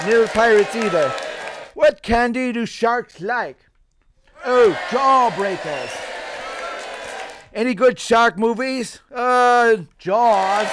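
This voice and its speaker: A man's voice: extremely high pitch, background noise, heavily acted. A man playing a jolly, bawdy pirate captain who cracks puns and chuckles at his own jokes with piratey growls. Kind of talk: stand-up pirate character act.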